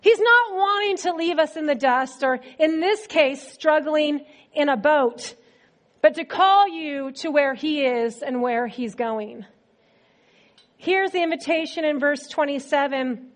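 A woman preacher giving a sermon in a conversational, animated storytelling manner. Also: sits high, measured pace.

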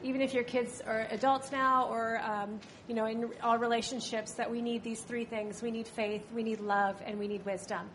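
A woman's voice: on the high side, flat delivery, normal speed, few pauses, a bit bright. Chatty young woman leading church service. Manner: chatty, upbeat, many "you know" fillers. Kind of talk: sermon and congregational prayer. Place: church sanctuary with congregation. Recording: congregation sounds and faint noise.

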